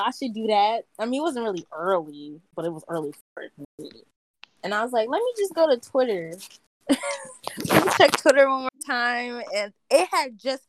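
A woman's voice: on the high side, dry recording. A young woman in casual chat, telling a story with slang and acting out her own past lines. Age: young adult.

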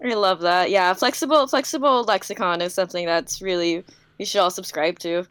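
A woman's voice: fairly low pitch, fairly quick, a bit bright, clean tone, dry recording. Upbeat giggly woman guest. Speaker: guest game developer. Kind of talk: casual interview chat.

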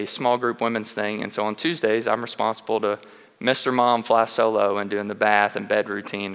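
A man's voice: medium pitch, fairly bright tone, smooth. A man preaching a sermon in a church, telling candid personal stories in an earnest way and often restarting his sentences. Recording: long reverb of a large hall.

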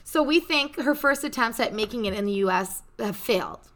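A woman's voice: a little high, expressive, fairly quick, fairly bright tone. A young woman hosting a casual podcast chat, telling a story in a chatty, swearing, offhand way. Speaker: podcast host.

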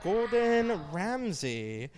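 High-voiced guy on a live stage, laughing, making fun of himself. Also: very animated, extremely slow, long reverb tail, noisy background. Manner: laughing, self-mocking storyteller. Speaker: improv performer, guest on live podcast. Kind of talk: casual chat on stage. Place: live theater stage with audience.

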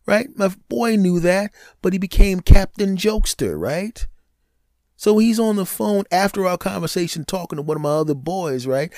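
Animated man telling a comic story. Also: sits high, normal speed, dry recording, clean studio sound. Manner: animated, repetitive, breaks into silly sung sound effects. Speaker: podcast host. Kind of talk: comedic storytelling monologue.

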